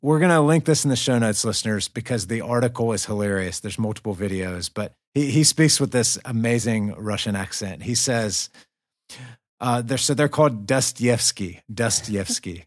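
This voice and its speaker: At a moderate pace and mid-range pitch, a male podcast host speaks in studio quality without echo, recorded remotely for a virtual studio. His casual chat is an upbeat story filled with laughs and fillers.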